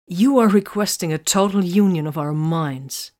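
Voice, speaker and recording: A woman's voice: on the low side, normal speed, warm tone, lightly acted. A woman reading the part of a frightened, defensive young woman, her voice strained and rising to a wail. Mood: distraught. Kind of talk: audiobook character reading.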